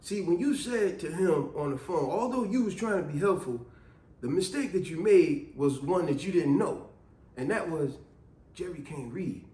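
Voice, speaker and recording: A man voicing an old male co-worker who talks low and quietly, as if sharing a secret. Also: lively intonation, normal speed, echoey room, close to an everyday voice. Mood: confiding. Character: old male Italian co-worker, hushed and confiding.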